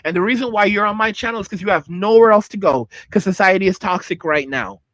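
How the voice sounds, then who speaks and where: Heated high-voiced man ranting at chat. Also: quick pace, fairly bright tone, no room sound. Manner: angry, heated, repeats himself. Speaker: channel host. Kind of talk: livestream rant reacting to chat.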